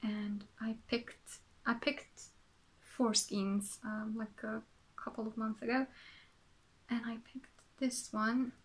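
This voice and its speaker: French woman, casual podcast host, slightly high voice, slow, rambling and chatty. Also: level tone. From France. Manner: chatty, rambling, self-correcting, with asides to herself. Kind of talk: casual show-and-tell chat.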